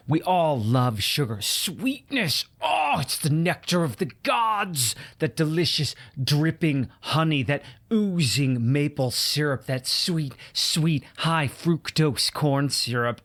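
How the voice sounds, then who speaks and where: A man's voice: on the high side, a bit bright. Guy hosting a podcast, grumpy sarcastic rant, voice swoops all over. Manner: exasperated, sarcastic. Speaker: podcast host. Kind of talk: comedic rant.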